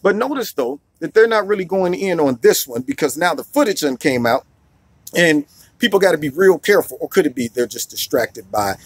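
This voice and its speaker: Husky-voiced man giving opinions. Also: fairly high pitch, brisk, no room sound. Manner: animated, acts out the people he quotes. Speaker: political commentator, former school principal. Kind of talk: opinion monologue to camera.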